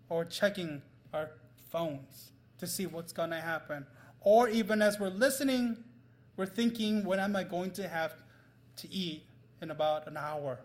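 A middle-aged man preaching a sermon, telling a story with loud emphasis and quiet asides. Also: high voice. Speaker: pastor.

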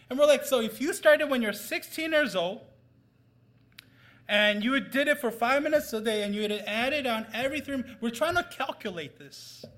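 A middle-aged pastor preaching with a notably high voice. He tells stories to the congregation, pushing some phrases out loudly and dropping others to a near murmur. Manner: storytelling, swings from loud emphasis to quiet asides. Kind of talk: sermon.

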